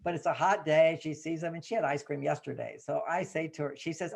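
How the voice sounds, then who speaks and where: A man, a guest in an interview, telling a parenting story in an animated way and acting out the dialogue. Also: a little high, a little fast, gravelly. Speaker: guest author.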